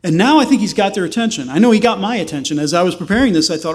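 A man's voice: high-pitched, lively intonation, rapid-fire, hardly any pauses. A male pastor preaching a sermon with passion, asking rhetorical questions and acting out the voices he quotes.

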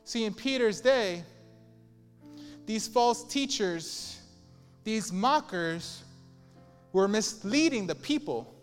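Male pastor, high, resonant voice, emphatic preaching in an echoey hall. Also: expressive, slow pace, long pauses, clean tone, soft background music. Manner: emphatic, repetitive preaching with rising intensity. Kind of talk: sermon.

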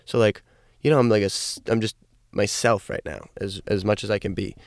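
A young man hosting a solo podcast, loose and rambling with lots of fillers, upbeat and a little high. His voice is lowish and smooth. The sound is dry and close. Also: fairly even intonation, brisk, dry recording. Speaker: podcast host. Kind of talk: casual solo podcast monologue.

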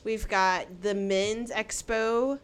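A woman co-hosting a podcast in casual chat, bubbly and excitable, laughing easily. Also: medium pitch, takes it slowly, smooth. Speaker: podcast co-host.

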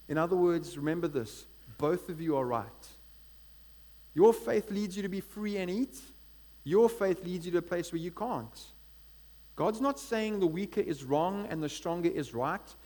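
A man preaching a sermon in an energetic, conversational way, often checking in with the congregation. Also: high voice, moderate pace. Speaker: pastor.

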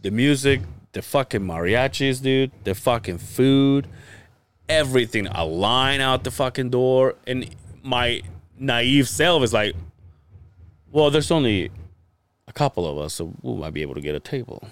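A man's voice: medium pitch, animated, normal speed, smooth. A man hosting a podcast, telling a long rambling story in casual chat, swearing freely and full of fillers. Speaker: podcast host.

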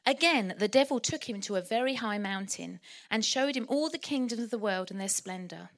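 A woman preaching a sermon in church, lively and humorous. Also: on the high side, a little fast. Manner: lively, humorous and animated, often laughing.

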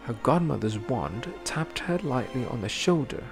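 A man reads a fairy tale aloud, measured and expressive, in a mid-pitched voice with a gravelly edge. Music plays clearly behind him. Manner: measured, expressive storybook reading. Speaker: storyteller.

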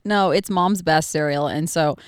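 A woman's voice: low-pitched, normal speed, no room sound, clean studio sound. A woman co-hosting a podcast, chatting casually about her kids, rambling and laughing often. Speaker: podcast co-host. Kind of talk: casual chat.

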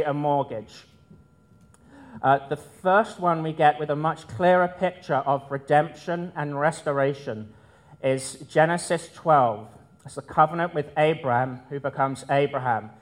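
A man gives a sermon, walking listeners through scripture in an easygoing, explanatory way. His voice sits a little higher than most men's, and he drops in casual asides as he teaches. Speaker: preacher.

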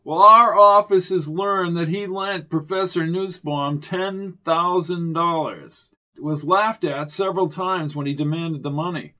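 A man reading an audiobook, voicing a snooty, pompous male official who speaks in a loud, clipped way. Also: a little high, fairly even intonation, unhurried, hardly any pauses, pitched above the performer's own voice. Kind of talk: audiobook character voice.

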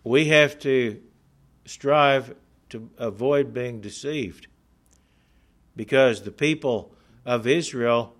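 Earnest and emphatic, a man with a mid-range voice reads scripture during a sermon and explains its meaning, deliberately slowing to stress the key ideas.

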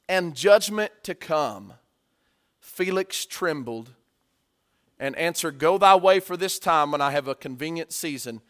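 Male preacher, higher pitch, sermon with dramatic loud-soft swings. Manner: swings from hushed to loud, acts out story voices.

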